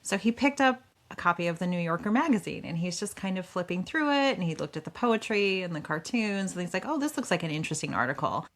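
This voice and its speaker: A woman around fifty co-hosting a book podcast, telling stories in a lively, chatty way and acting out her own quotes. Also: mid-range voice, brisk, hardly any pauses. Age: about 50. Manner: animated storyteller, acts out quotes. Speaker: podcast co-host. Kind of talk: casual book chat.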